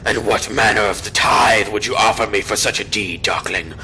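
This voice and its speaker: A man voicing an arrogant ancient male demon lord, slow and menacing, reading game dialogue aloud. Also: fairly low pitch, steady tone, sharp tone, shouting, a little hiss or hum, low-quality recording.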